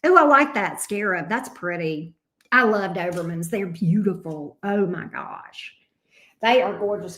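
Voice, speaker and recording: A woman's voice: medium pitch, lively intonation, a little slow, a bit bright. A woman hosting a casual livestream. She greets viewers by name and coos affectionately over her dog. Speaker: tarot reader hosting a livestream. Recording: roomy echo.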